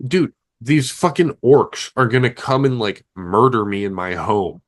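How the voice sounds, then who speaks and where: A man's voice: medium pitch, unhurried. A man co-hosting a podcast, talking in blunt, casual chat and swearing freely. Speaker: podcast co-host.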